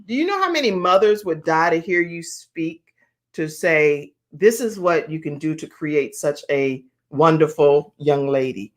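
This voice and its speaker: A woman's voice: low-pitched, lively intonation, unhurried. Chatty laughing woman talk show host. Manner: chatty, laughs often, encouraging. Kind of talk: casual online talk show interview.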